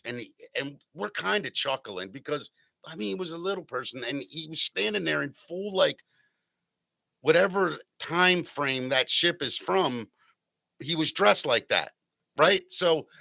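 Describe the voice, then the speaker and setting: A man's voice: a little high, gravelly, sharp tone, no echo. A man hosting a casual talk show, telling a rambling, jokey story and correcting himself as he goes. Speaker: podcast host.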